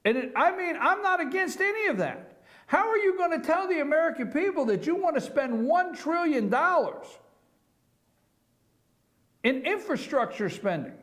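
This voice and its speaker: Brief: male morning show host, very high voice, emphatic monologue full of rhetorical questions. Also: sing-song, moderate pace, a bit bright. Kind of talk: opinion commentary monologue. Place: office.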